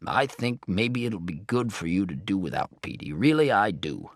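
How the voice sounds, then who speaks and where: A man voicing a kindly, teasing old grandfather in an audiobook, gruff and chuckling. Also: low voice, sing-song, normal speed, dry recording, clean studio sound, full character voice. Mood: firm. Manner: gruff, chuckling, gently mocking. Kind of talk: audiobook reading.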